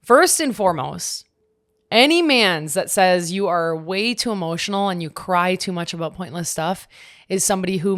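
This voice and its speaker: A woman hosts her own podcast in a loose, candid chat, swearing now and then and poking fun at herself. Her voice sits a bit low for a woman. The sound is close and dry, with no room around it. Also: no room sound. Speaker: podcast host. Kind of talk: casual chat.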